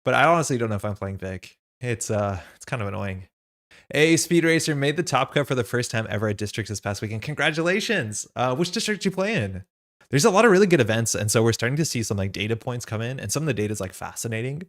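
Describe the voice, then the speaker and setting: A man's voice: mid-range voice, animated, fast talker, a bit bright. Young guy streaming live, kinda out of breath, chatty, greets chat by name. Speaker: streamer and host.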